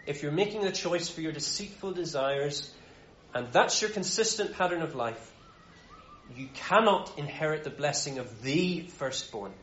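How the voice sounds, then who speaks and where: Guy preaching casually like he's just chatting, slightly high voice, dull muffled sound. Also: lively intonation, normal speed, a bit bright, reverberant, slight background noise. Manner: casual, conversational, frequent restarts. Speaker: Bible teacher. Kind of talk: informal sermon.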